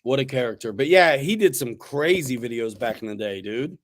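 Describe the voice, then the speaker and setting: A man's voice: mid-range voice, expressive, brisk, a little hiss or hum. A man hosting a casual livestream chat, talking in a laid-back, slangy, rambling way with restarts. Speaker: host.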